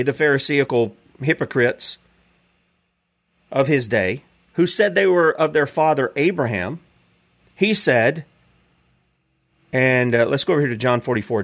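A man's voice: mid-range voice, fairly bright tone. A man hosting a show, giving emphatic preacherly commentary.

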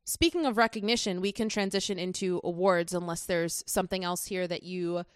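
Chatty, low-voiced woman podcast co-host. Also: a little fast, smooth, no echo, studio quality. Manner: enthusiastic, rambling with many fillers. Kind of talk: casual film discussion.

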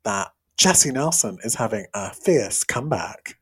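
A young man co-hosting a podcast in casual chat, teasing and exclaiming with sudden pitch jumps. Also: animated, unhurried, husky. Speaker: podcast co-host.

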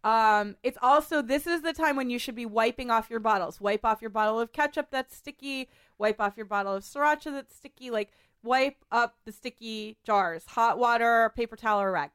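A woman's voice: on the high side, normal speed, fairly bright tone, clear, resonant tone, no room sound, clean studio sound. A woman hosting a casual podcast, giving practical cleaning tips in a chatty way with frequent laughs.

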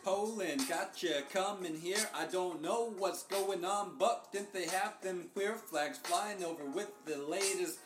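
Guy freestyling rhymes over music, high voice, roomy echo. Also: measured pace, hardly any pauses. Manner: rhyming shout-outs with a repeated catchphrase. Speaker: podcast co-host. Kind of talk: freestyle rapping over a beat.

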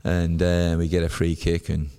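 A man in his fifties, a podcast guest telling lively anecdotes and acting out the voices of people he quotes. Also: sits low, moderate pace, smooth, long reverb tail. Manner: lively storyteller who acts out quoted voices. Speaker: podcast guest, former footballer.

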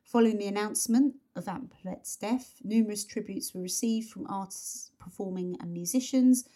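A woman's voice: medium pitch, moderate pace, warm tone. Woman, podcast co-host, casual chat, rambling, many fillers. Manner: chatty, rambling, frequent fillers and restarts. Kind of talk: casual chat about a song.

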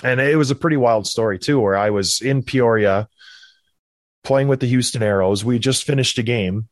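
A middle-aged man from Canada, a former hockey player, telling a rambling, animated anecdote in a casual way, quoting the people in it. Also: medium pitch, moderate pace, no room sound. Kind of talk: casual storytelling.

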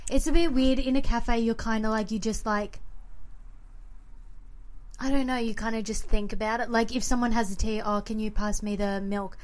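A woman's voice: on the high side, moderate pace, pauses often. Young aussie woman chatting on a podcast, says "like" constantly, does little voices when she quotes people. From Australia. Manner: chatty storyteller, lots of "like", animated quoted voices. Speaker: podcast co-host. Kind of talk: casual chat.

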